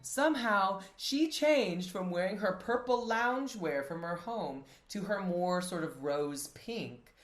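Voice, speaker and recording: A man co-hosting a podcast and recapping a TV drama in casual chat, an animated storyteller who acts out the characters and swears playfully. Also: sits high, takes it slowly, hardly any pauses, roomy sound. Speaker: podcast co-host.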